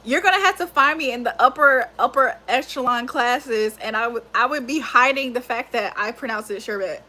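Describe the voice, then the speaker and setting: A woman's voice: on the high side, moderate pace, pushed and bright. A young woman hosting a livestream, chatting casually and animatedly, laughing often and swearing freely. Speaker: livestream host.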